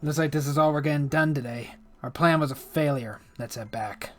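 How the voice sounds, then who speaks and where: A curt young henchman, voiced by a man speaking low, quick and subdued, his lines clipped short. Faint game music plays behind him. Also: lightly acted. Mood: dismissive.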